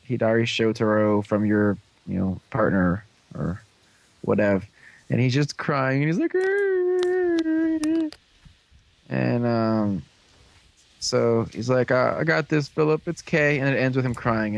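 Chatting casually over a voice call, a man recaps a show for his podcast, wandering off topic and performing characters' dialogue. His medium-pitched voice is creaky, and the recording sounds dry.

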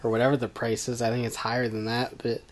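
A man's voice: mid-range voice, little pitch movement, quick pace. Rambling, laughing casual male storyteller. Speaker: podcast co-host. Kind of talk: casual chat about a movie.

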